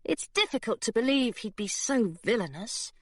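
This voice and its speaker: Lady doing a brave little pirate girl, bit higher voice, brisk, storybook reading. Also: lively intonation, dry recording, clean studio sound. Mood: determined. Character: plucky young girl pirate, bold and careful.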